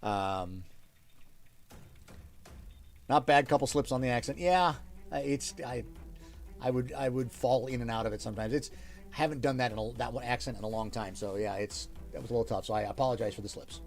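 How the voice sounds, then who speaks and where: A man's voice: medium pitch, brisk, gravelly, long pauses, faint music behind. A man hosting a livestream, chatting casually with viewers, thinking aloud and thanking them often. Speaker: livestream host reading requests aloud.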